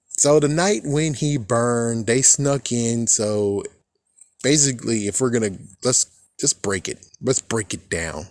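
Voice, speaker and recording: A man's voice: medium pitch, measured pace, no echo. A man giving a casual, rambling recap of a TV episode, swearing freely and laughing at his own jokes. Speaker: fan reviewer.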